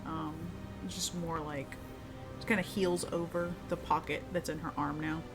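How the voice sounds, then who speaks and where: Low-voiced woman running a tabletop game. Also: steady tone, moderate pace. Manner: casual, hesitant, many fillers. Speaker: game master. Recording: music playing behind.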